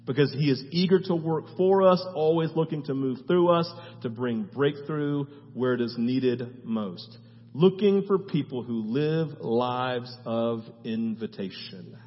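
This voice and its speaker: A man preaching a sermon, emphatic and repetitive, building long lists and tagging phrases with "right?". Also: a little high. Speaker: pastor. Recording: long hall reverb, dull sound.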